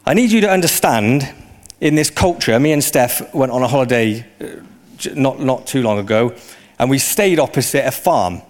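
A man preaching a sermon in a conversational way, often rising into animated emphasis. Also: medium pitch, normal speed.

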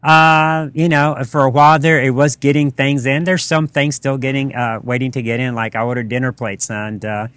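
A middle-aged man, a restaurant owner, telling stories in a casual interview in a rambling, halting way full of fillers. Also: medium pitch, steady tone, fairly bright tone, clean tone, no room sound.

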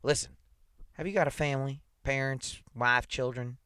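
A man reading aloud and voicing a calm, matter-of-fact male psychologist who questions and coaxes. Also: mid-range voice, moderate pace, clear, resonant tone, no room sound, studio quality, pitched above the performer's own voice, lightly acted. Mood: coaxing. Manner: steady, coaxing, matter-of-fact.

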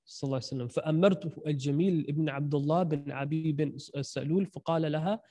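Casual animated male preacher. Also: a little high, rapid-fire, few pauses. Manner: casual, animated, slangy, acts out quotes. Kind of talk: sermon storytelling.

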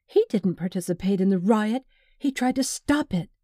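A woman's voice: mid-range voice, expressive, moderate pace, warm tone, dry recording, studio quality, voice pushed up, natural voice. A woman reading the part of a fierce, streetwise woman who hisses and pleads. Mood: pleading.

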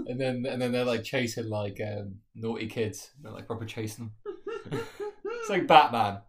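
Excitable man with wildly swooping pitch. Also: unhurried, pauses often. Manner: swearing, excitable, swooping laughs. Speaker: podcast co-host. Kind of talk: casual comedic chat about a tabletop game.

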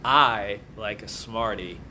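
A man co-hosting a podcast in casual chat, playful and animated, acting out characters with silly voices. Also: on the low side, slow, noisy background. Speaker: podcast co-host.

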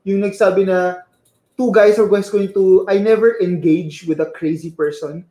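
An easygoing Filipino speaker chats casually and jokes with friends. The voice sits at a middling pitch, and the room gives it a noticeable echo. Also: fairly even intonation, normal speed, dark tone. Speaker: podcast co-host. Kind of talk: casual chat.

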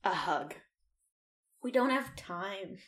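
A woman's voice: mid-range voice, lively intonation, slow pace, a bit bright. A woman co-hosting a casual chat, joking crudely and laughing often.

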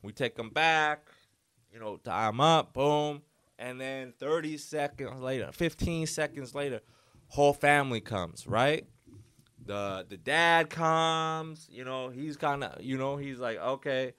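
A man's voice: mid-range voice, measured pace, fairly bright tone, clear, resonant tone, no echo, studio quality. A man hosting a solo podcast, telling a story casually and loosely, with lots of fillers and quoted voices. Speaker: podcast host.

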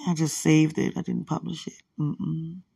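A woman leaving a soft, rambling, affectionate voice message while lying in bed at night, with her phone held close to her mouth. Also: low-pitched, little pitch movement, unhurried, gravelly, breathy edge, no echo. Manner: soft, hushed, rambling and affectionate, often religious. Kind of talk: intimate late-night voice message.

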